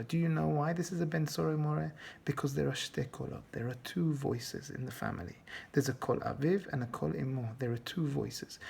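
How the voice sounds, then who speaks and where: A man's voice: a little high, vocal fry, darkish tone, breathy edge. A middle-aged male rabbi giving a short inspirational talk, telling a story and weaving in Hebrew terms.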